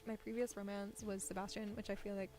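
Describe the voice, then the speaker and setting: A woman streaming a farming game, rambling and thinking out loud with little laughs into a low-set desk mic. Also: little pitch movement, brisk, soft background music. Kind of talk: casual gameplay commentary. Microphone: desk microphone set low.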